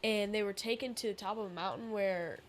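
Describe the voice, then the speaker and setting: A woman's voice: mid-range voice, brisk, slight background noise. A woman telling a story in casual chat, chatty with many fillers. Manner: chatty, many likes and ums.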